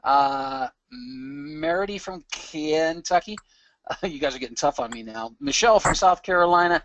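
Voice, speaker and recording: A man's voice: fairly high pitch, a little hiss or hum. Chatty man hosting a live webinar. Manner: energetic, chatty, reads names aloud with quick asides and laughs. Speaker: webinar host. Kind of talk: upbeat live webinar roll call.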